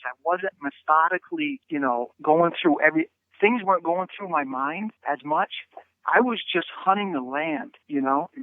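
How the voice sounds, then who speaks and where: A man telling a hunting story in an interview, animated, with many stammered restarts and a habit of asking "right?". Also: on the high side, no echo. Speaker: hunting guest. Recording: tinny phone line.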